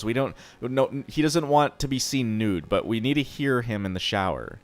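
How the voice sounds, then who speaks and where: A man's voice: medium pitch, lively intonation, moderate pace, few pauses. A man streaming live, chatting casually and answering chat, rambling and swearing freely.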